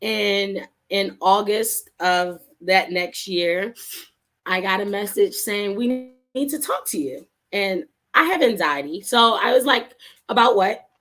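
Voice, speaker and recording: A woman who writes books is being interviewed, recounting her story in a loose, lively manner, imitating the people she quotes and laughing a lot. Her voice sits in the middle range, and she speaks slowly.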